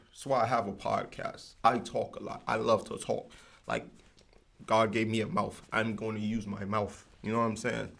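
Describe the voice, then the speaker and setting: Young male podcast host, low gravelly voice, loose slangy solo rant that wanders. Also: a bit bright. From United States. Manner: loose, slangy, rambling, digresses often. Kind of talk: casual solo ranting.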